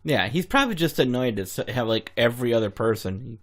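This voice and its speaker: A man's voice: medium pitch, sing-song, brisk. A man co-hosting a casual podcast, answering in a laid-back, easygoing way. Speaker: podcast co-host.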